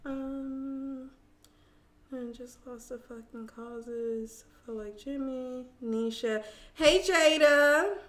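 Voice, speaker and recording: Woman live-stream host, relaxed unhurried delivery, chatty with viewers, recorded in an echoey room. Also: high-pitched, slight background noise. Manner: chatty and animated, talks straight to viewers, reads comments aloud. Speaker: live-stream host recapping a reality show. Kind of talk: casual live-stream chat.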